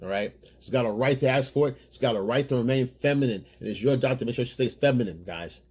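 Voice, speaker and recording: A man's voice: medium pitch, quick pace, darkish tone, slightly rough. A man, a relationship coach, talking to other men in a loose, rambling way and often addressing them as "guys". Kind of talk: casual advice monologue.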